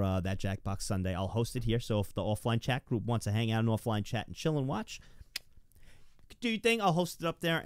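A man's voice: on the low side, a little mellow, no echo, studio quality. A young man streaming from home, rambling and stammering as he thanks his viewers. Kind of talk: live stream chat.

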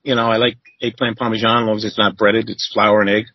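A husky-voiced man spins loose, swear-heavy kitchen yarns, jumping up high whenever he mimics someone. The sound is dry and close, with a dull, lo-fi edge like a remote call. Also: fast talker, no room sound. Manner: profane, animated, acts out quotes in a high voice. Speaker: interview guest, former chef. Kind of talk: casual storytelling.

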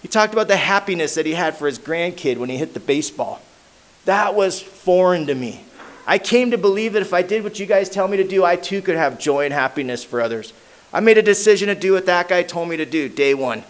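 Guy telling his sobriety story at a meeting, kinda high voice, loose slangy talk, gets real quiet sometimes. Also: expressive, brisk. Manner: casual, slangy storytelling, dropping to a hushed voice at emotional moments. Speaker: AA meeting speaker. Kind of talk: personal recovery story told to a crowd. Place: meeting hall.

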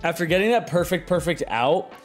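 A young man giving excitable live commentary on his own video game play, muttering one moment and shouting the next. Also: a little high, a little fast, faint music behind. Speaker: gaming streamer.

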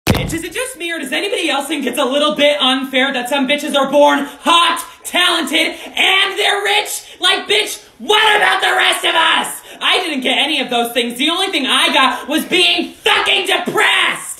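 A young adult creator doing sassy, profane comedic rants to the camera with dramatic outbursts. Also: male voice, extremely high pitch, expressive, moderate pace, hardly any pauses, pushed and bright. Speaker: TikTok creator.

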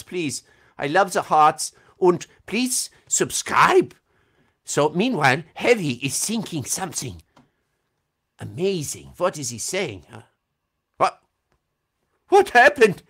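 A voice actor with a medium-pitched, fairly bright voice hosts a casual livestream Q&A over video call. He chats playfully, laughs a lot and reads out comments while answering his fans' questions.

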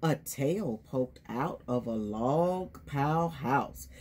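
A woman's voice: rumbling low, animated, slow pace, darkish tone, a little hiss or hum. A woman reading a picture book aloud to young children, stopping often to ask them questions and call on them by name. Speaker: children's storytime presenter.

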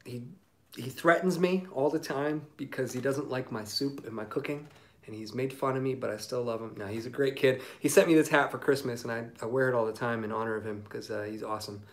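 Male musician host, casual livestream chat, rambling and easygoing, mid-pitched voice, phone mic. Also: fairly quick. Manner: relaxed, rambling, with many ums and asides. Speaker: singer-songwriter hosting a livestream.

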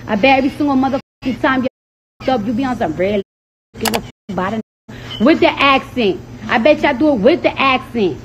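A woman with a high voice rants to her followers, heated and swearing freely. She repeats words over and over for emphasis. The phone audio sounds a bit dull, with faint noise behind her. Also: fairly quick. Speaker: rapper ranting to followers. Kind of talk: profane casual rant.

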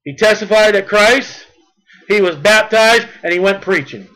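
High-voiced fervent male preacher. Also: a little slow, rough recording. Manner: fervent, rising to near-shouts on key points. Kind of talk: sermon.

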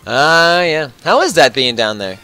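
A man's voice: a little high, very animated, measured pace, pushed and bright, clean tone, soft background music. A man hosting a casual let's-play, joking and thinking aloud as he plays. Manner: playful, joking, thinking aloud while playing. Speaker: gaming channel host.

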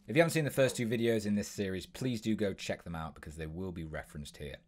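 A young man hosting a tutorial, explaining voice impressions in a brisk, instructive way with the odd um. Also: low voice. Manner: brisk, instructive, with frequent ums.

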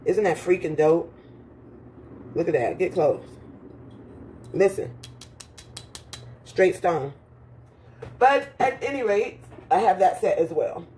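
A woman vlogging casually from her patio and home, chatty and quick to laugh at her own jokes, her voice slightly rough. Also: lowish voice, animated, dark tone, slight background noise. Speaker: lifestyle vlogger. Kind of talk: casual vlog chat to viewers. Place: home patio then indoors.

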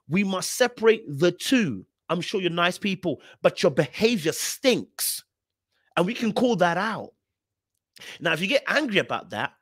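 A British man hosting a commentary podcast, pressing his points with repetition and emphasis. His voice swings widely in pitch and sits slightly high for a man. The sound is dry and close, with no room around it. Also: fairly bright tone, no echo. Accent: British English. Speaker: podcast host reviewing reality TV clips. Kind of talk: commentary on video clips.

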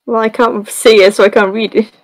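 A British woman chats through a co-op game with dry jokes and frequent giggles. Her voice sits slightly high. The sound is close and dry. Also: fairly even intonation, a little fast, no room sound, low-quality recording. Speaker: co-player. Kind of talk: casual co-op gameplay chat.

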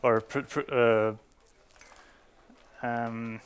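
A man's voice: medium pitch, little pitch movement, extremely slow, clean tone. A man giving a conference talk to developers, speaking English as a non-native speaker, with frequent fillers and restarts. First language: Swedish. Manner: hesitant, many fillers and restarts.

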